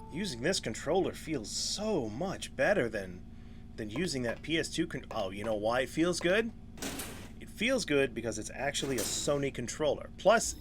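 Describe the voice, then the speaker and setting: A man in his thirties with a mid-range voice streams gameplay, giving casual let's-play commentary as he talks to himself and to enemies, laughing often. Background noise is audible.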